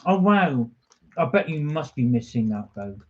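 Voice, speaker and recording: A man's voice: mid-range voice, big pitch swings, moderate pace. A man co-hosting a casual live-stream vlog, eager and chatty, talking while snacking and reading out viewer comments. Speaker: vlog co-host. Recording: dull lo-fi home stream audio.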